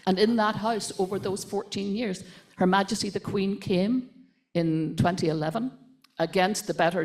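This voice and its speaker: An older woman giving a keynote speech, telling a story emphatically with repetitions and lively asides. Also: on the low side. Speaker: keynote speaker. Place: conference stage.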